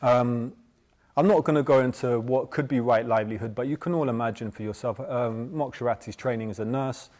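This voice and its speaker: A man in a middle pitch gives a relaxed Buddhist teaching. He talks in a loose, rambling way, restarts often, and keeps checking in with the listeners. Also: a little fast. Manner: chatty, tags points with "yeah?". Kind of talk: informal dharma talk.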